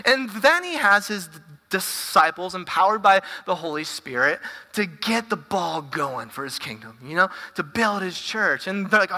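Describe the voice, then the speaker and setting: A woman pastor giving a casual, animated sermon, stumbling over and repeating words as she goes. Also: mid-range voice, normal speed. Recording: long reverb of a large hall.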